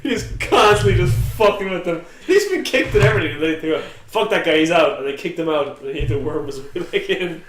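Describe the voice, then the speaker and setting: A man's voice: high voice, animated, brisk, hardly any pauses, fairly bright tone. A young Irish man co-hosting a podcast in casual chat, swearing and laughing as he tells stories. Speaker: podcast co-host. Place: room with echo. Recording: echoey room, faint noise.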